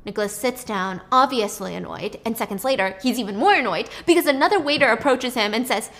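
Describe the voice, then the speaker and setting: A young woman telling a story in a loose, chatty way, quick on her words and casual with swearing. Her voice sits a bit high. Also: lively intonation, a bit bright.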